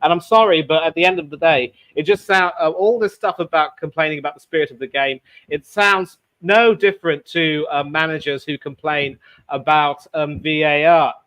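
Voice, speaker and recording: Animated man hosting a sports chat. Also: fairly high pitch, normal speed. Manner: animated, with many fillers and restarts. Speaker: sports show host.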